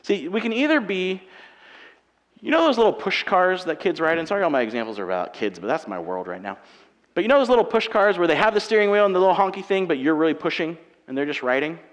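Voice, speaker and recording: A young man preaching a sermon in a church, conversational and shifting between quiet and emphatic delivery. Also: sits high, sing-song, fast. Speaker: pastor. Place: church sanctuary. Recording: long reverb of a large hall.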